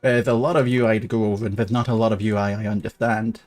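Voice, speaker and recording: A man's voice: on the low side, steady tone, fast, darkish tone, faint music behind. Casual man narrating a strategy game. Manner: thinking aloud with fillers and restarts. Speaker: gaming YouTuber. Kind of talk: casual let's-play commentary.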